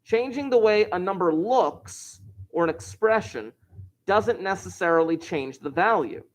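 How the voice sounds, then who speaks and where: With a high, animated voice and an unhurried delivery, a man teaches a live online algebra lesson. He explains the steps and keeps up joking chatter with his students.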